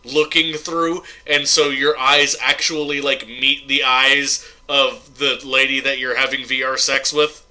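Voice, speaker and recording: A man's voice: mid-range voice, flat delivery, a little slow, hardly any pauses, pushed and bright, poor audio. A male host chatting casually on a podcast, talking loosely with lots of fillers and laughing often. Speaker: show host.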